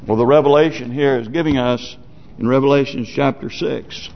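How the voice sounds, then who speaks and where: A man preaching a sermon with passion, rising to loud cries and dropping to low murmurs. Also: moderate pace, gravelly, long reverb tail, lo-fi sound, slight background noise. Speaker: pastor.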